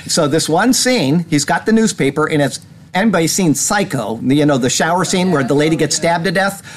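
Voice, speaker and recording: A man's voice: fairly high pitch, brisk. A man hosting a casual commentary show, rambling and retelling stories with laughs. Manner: rambling, animated storytelling with laughs. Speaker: host.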